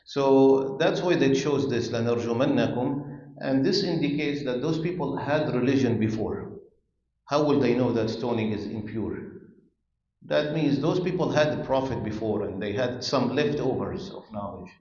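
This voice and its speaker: A man's voice: medium pitch, a little fast, darkish tone. A man, a sheikh, giving a casual Quran lesson in a mosque, conversational and joking, rephrasing as he goes. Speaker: sheikh teaching a Quran class. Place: mosque prayer hall. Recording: echoey, muffled mosque recording.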